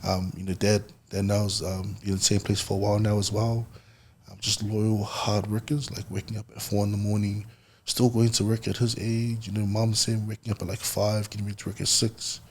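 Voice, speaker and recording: A man, a podcast guest telling stories in relaxed casual conversation. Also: lowish voice, a little fast, slightly rough. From New Zealand. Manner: relaxed, storytelling, laughs often.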